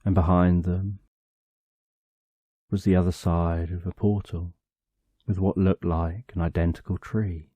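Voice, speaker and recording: A man narrating a bedtime story for sleep, calm and drawn out, in short phrases with long pauses. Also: low voice, husky, no echo.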